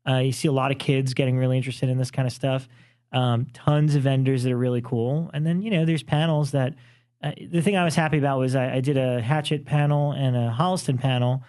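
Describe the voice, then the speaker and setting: A man's voice: medium pitch, steady tone, a little fast, a little mellow. A man co-hosting a podcast, chatting enthusiastically with plenty of "uh" and "you know" between thoughts. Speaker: podcast co-host. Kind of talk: casual chat.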